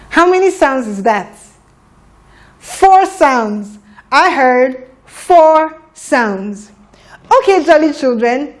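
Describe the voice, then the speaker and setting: A woman teaching a children's phonics lesson, sounding out letters slowly and deliberately. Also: sits high.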